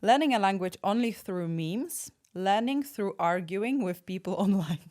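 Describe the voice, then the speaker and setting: A woman hosting a casual interview, playful and quick with her questions, laughing along with the guest. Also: mid-range voice, expressive, darkish tone. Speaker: podcast host.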